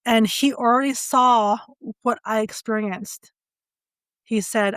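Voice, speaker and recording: Halting, stammering woman telling her story. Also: medium pitch, little pitch movement, a bit bright, dry recording. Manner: halting, many stutters and fillers. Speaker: podcast guest. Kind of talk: personal storytelling.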